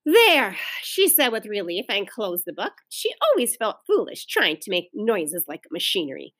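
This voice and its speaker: A woman teacher reading a children's novel aloud to her class, pausing to talk to the children. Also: mid-range voice. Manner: expressive storytelling, pauses to explain to children.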